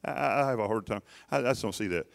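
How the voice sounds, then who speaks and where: A man's voice: fairly low pitch, fast talker, vocal fry. Middle-aged male pastor, church sermon, emphatic, keeps circling back with "listen to me" restarts.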